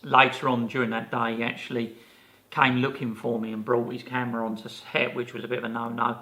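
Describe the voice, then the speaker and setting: An older man, co-hosting a podcast and telling a long anecdote in a casual, animated way, full of fillers and restarts. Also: mid-range voice, fairly quick. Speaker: podcast co-host. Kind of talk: casual storytelling chat.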